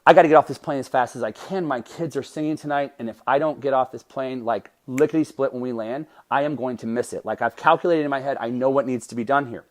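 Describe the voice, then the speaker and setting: A man in his thirties, hosting a podcast, tells a personal story in an animated way, often breaking off and restarting his sentences. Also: medium pitch. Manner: animated, self-interrupting storytelling with restarts and laughs. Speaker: podcast host.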